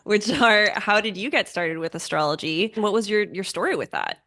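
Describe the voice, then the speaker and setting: A woman's voice: mid-range voice, very animated, normal speed, sharp tone. A young woman hosting a podcast, eager and bubbly, chatting with plenty of fillers. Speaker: podcast host. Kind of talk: casual interview.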